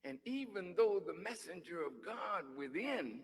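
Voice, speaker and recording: A man preaching a sermon, teasing and conversational, dropping to hushed asides and then rising to shouts. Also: high voice, big pitch swings, unhurried, slightly rough. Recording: long hall reverb.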